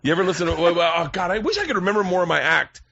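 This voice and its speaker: A man's voice: high voice, expressive, very fast, creaky, sharp tone, no echo, lo-fi sound. An American man on a casual drinking podcast, swearing and laughing as he riffs jokes. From United States. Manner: swearing, laughing, slips into mock voices. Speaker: comedian podcast guest.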